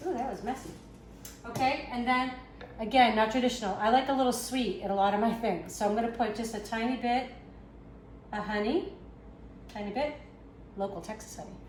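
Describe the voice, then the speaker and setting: Boston lady cooking at home, chatty, kinda high voice, roomy kitchen echo and faint hum behind. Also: brisk, long pauses. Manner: chatty, talks while working, self-deprecating asides. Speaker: home cook, channel host. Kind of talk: casual cooking demonstration. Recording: echoey kitchen with faint background noise.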